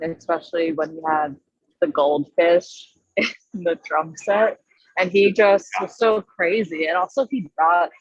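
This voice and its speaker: A woman's voice: lowish voice, husky, dry recording. A woman with a Long Island accent, a drummer chatting casually as a guest on a video call, often laughing as she talks. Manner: laughs while talking, easygoing. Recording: dry, dull video call audio.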